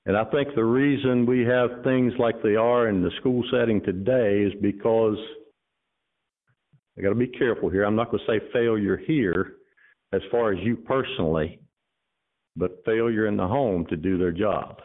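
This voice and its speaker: A pastor with a fairly low pitch and moderate pace preaches to his congregation, blending earnest exhortation with casual asides before reading a story aloud. The recording has a tinny, phone-like sound.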